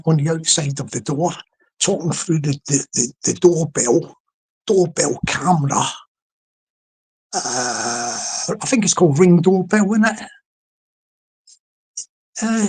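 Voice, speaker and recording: This man from Scotland runs a comedic livestream, rambling chattily with lots of restarts and repeated words. His voice is on the high side with a breathy edge, captured in low-quality audio.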